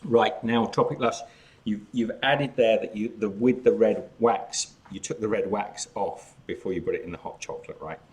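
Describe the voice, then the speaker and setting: A man's voice: fairly low pitch, moderate pace. An outgoing Australian man hosting a casual live chat, talking while snacking. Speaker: cooking channel host.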